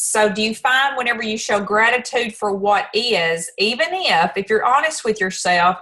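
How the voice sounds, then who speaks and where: A woman's voice: medium pitch, normal speed, hardly any pauses, sharp tone, rough recording. A woman hosting a casual group discussion, asking long questions with restarts and fillers. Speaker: discussion host.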